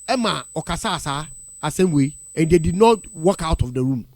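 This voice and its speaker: A man's voice: fairly high pitch, animated, brisk, dry recording, faint music behind. A man with a Ghanaian accent giving heated, blunt radio commentary in a studio, mixing English with Twi. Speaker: radio entertainment pundit. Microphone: studio mic.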